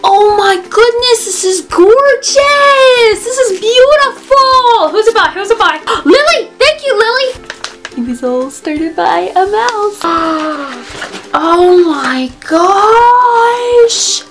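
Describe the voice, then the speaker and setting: A woman vlogger chatting casually while opening fan mail, gushing and excitable, with frequent gasps and little laughs. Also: extremely high pitch, slow pace, music in the background. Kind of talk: casual vlog chat.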